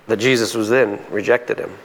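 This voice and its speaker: A pastor preaching a sermon in a conversational, emphatic way, his voice climbing high on key points. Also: steady tone, moderate pace, vocal fry.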